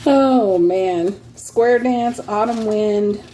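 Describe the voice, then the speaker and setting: A woman talks slowly and casually through a pile of craft supplies at home, reading out titles and laughing now and then. Her voice sits in a middle pitch. A faint hum of the room sits under her talk. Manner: chatty, laughs often, reads titles aloud as she browses. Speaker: online craft seller. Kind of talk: casual show-and-tell sales vlog.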